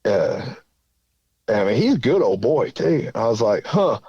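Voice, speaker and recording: A man's voice: lowish voice, sing-song, unhurried, dark tone, husky, no room sound, lo-fi sound. A man from southern Indiana calling in, telling a story in a rambling, folksy way with lots of fillers. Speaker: caller. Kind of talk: casual storytelling.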